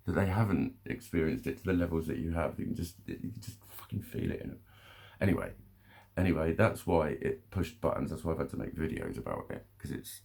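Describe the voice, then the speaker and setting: Man, vlogger; very low, husky voice; loose, sweary, rambling monologue. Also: darkish tone. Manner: rambling, swears a lot, self-interrupting; laughs between phrases. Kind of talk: casual monologue to camera.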